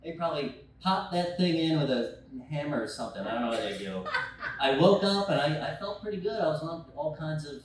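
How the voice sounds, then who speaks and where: Young guy doing stand-up, kinda high voice, loose and sweary, echoey room far from the mic. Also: big pitch swings, a little fast, slight background noise. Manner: loose, rambling, swearing, acting out scenes with shouted quotes. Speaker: stand-up comedian. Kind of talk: stand-up storytelling. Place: bar stage.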